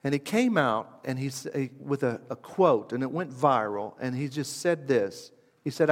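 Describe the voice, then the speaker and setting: A man preaching a sermon in a conversational, reflective way, moving from hushed asides to emphatic lines. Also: medium pitch, animated, normal speed, big-room sound.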